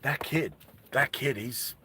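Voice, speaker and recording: A man voicing a sinister male schemer who mutters quietly. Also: medium pitch, slow pace, a little hiss or hum, voice pushed down.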